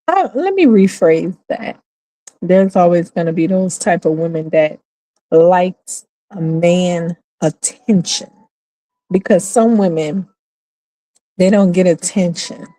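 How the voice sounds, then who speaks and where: Slow, mellow-voiced woman host. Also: no room sound, low-quality recording. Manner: animated storytelling, acts out quotes with high squeals and laughs. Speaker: channel host. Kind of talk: casual commentary.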